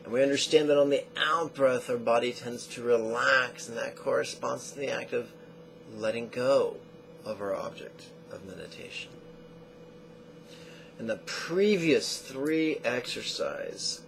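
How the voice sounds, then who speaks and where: A man teaching a meditation lesson in a slow, measured way, often repeating short phrases. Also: medium pitch, vocal fry, a bit bright, a little hiss or hum, poor audio.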